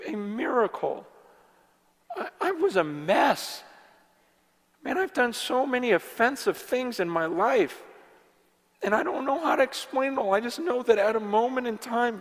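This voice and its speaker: Earnest preacher in a reverberant hall. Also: male voice, very high-pitched. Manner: earnest, rambling, acts out quoted voices. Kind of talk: conference sermon. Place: large conference hall.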